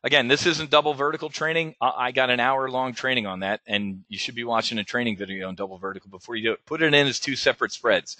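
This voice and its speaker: A man's voice: medium pitch, fast, hardly any pauses, pushed and bright, dry recording. A man hosting a casual live webinar as an options trading coach, stammering and repeating words, blunt and salty, with pilot slang.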